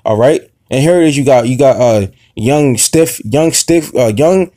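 A man preaching an informal sermon, halting with many fillers and restarts, confrontational and profane. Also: medium pitch, dark tone, no echo, clean studio sound.

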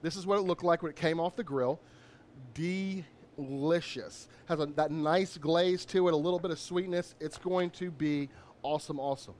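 A man's voice: fairly high pitch, steady tone, fairly quick. A man, a chef doing a live cooking demo in an upbeat, chatty way. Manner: upbeat, chatty, lots of shout-outs.

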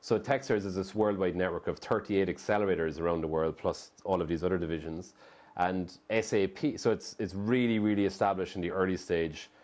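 Fast-talking low-voiced man. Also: darkish tone. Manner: rapid, rambling, many fillers and restarts. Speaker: startup founder, guest speaker. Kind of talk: conversational interview on stage. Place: live event venue.

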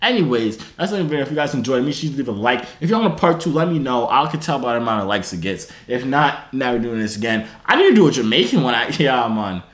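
A man's voice: mid-range voice, sing-song, fast talker, hardly any pauses, reverberant. Young man faking a British accent. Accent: put-on British. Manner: exaggerated fake British accent, playful teasing. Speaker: video host. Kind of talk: prank video chat with strangers. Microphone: video call.

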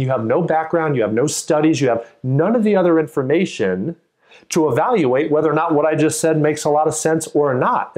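A man's voice: fairly high pitch, darkish tone. Conversational male test-prep tutor. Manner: conversational, acts out quoted exchanges. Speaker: GMAT tutor. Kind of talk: casual explanatory lesson.

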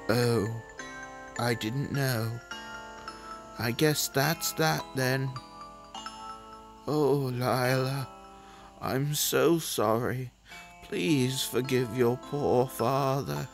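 Heartbroken middle-aged mage dad, put on by a game player, odd put-on accent, drawn-out delivery, music under. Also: medium pitch, steady tone. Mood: mournful. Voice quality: slow, pleading, heavy. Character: desperate middle-aged male mage father.

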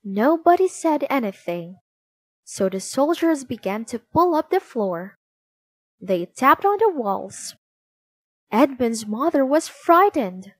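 Slow, lively woman reading a storybook. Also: sits high, no room sound. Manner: slow, expressive read-aloud. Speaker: narrator.

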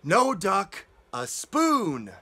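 A man's voice: sits high, wildly swooping pitch, extremely slow, heavily acted. A man doing a bossy scolding mouse. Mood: firm. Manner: scolding, loud and firm. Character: bossy little mouse, firm and fed up.

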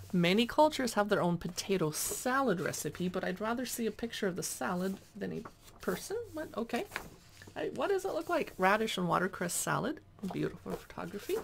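A chatty woman reviewing a cookbook, reading dish names aloud and adding quick asides. Her pitch moves around a lot, with a gravelly edge to her voice. A faint noise sits behind her. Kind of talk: casual cookbook flip-through.

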